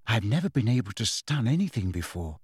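A man voicing a gentle teenage schoolgirl in an audiobook, speaking softly and haltingly through tears. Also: on the low side, very animated, breathy edge, dry recording, studio quality, heavily acted. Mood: tearful. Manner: halting, tearful delivery. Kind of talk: audiobook character voice.

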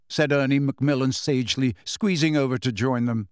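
A man narrating a story in a measured storytelling manner. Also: medium pitch, clear, resonant tone, no room sound, clean studio sound. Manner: measured storytelling with shifting character voices. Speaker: audiobook narrator. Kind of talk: scripted narration.

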